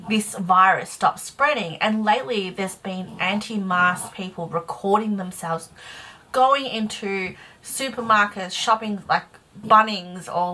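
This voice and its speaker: A woman's voice: medium pitch, bright, forceful tone. A young Australian woman vlogging, venting with blunt frustration and swearing, at times emotional. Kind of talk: casual venting to camera.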